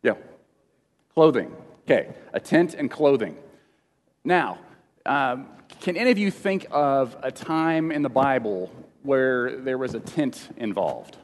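A man teaching a Bible lesson to a congregation in a casual, halting way, often repeating words and slipping in jokes, at times emotional. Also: mid-range voice, a little hiss or hum. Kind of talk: informal teaching sermon with questions to the room. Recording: long reverb of a large hall.

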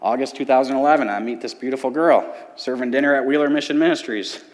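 A man's voice: mid-range voice, fast talker. Earnest man in a reverberant hall. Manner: earnest, storytelling with quoted voices. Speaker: church testimony speaker. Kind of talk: personal testimony talk.

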